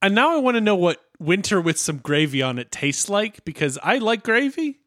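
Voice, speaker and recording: Playful high-voiced man, lively chat. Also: moderate pace, dry recording, clean studio sound. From United States. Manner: playful, giggly, jumps into silly voices. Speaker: podcast co-host. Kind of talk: casual recap chat.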